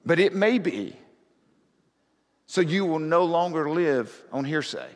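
A man preaching a conversational sermon as pastor, often rising to loud, fervent scripture reading. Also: on the high side, animated, takes it slowly. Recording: reverberant hall.

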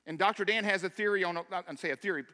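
Man preaching, emphatic, sharp bright voice, echoing sanctuary. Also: high-pitched, very fast. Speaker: pastor. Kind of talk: sermon. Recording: long hall reverb.

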